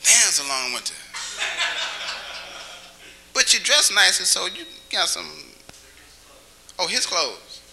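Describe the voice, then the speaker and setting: A man doing stand-up comedy on a club stage, teasing the audience with quick, jokey questions. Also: high-pitched, very animated, gravelly, bright, forceful tone, poor audio. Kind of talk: stand-up crowd work.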